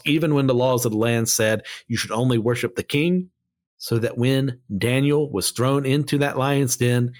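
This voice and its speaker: Blunt, opinionated man teaching the Bible. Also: mid-range voice. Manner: blunt, opinionated, wanders off on tangents. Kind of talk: casual Bible commentary.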